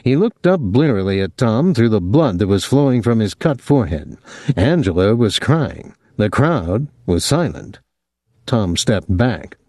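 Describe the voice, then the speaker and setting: A man's voice: on the low side, very animated, measured pace, darkish tone, no room sound, clean studio sound. A man reading a novel aloud as an audiobook narrator, giving each character a voice.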